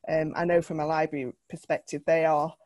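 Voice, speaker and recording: A woman's voice: low-pitched, level tone, a little fast, a little mellow, no room sound. A woman hosting an interview, asking questions in an enthusiastic, encouraging way. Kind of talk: podcast interview.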